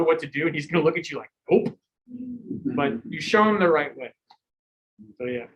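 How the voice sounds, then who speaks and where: A middle-aged man, a cycling coach, giving a lecture full of animated stories and acted-out quotes, laughing now and then. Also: fairly high pitch, poor audio. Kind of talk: lecture with anecdotes.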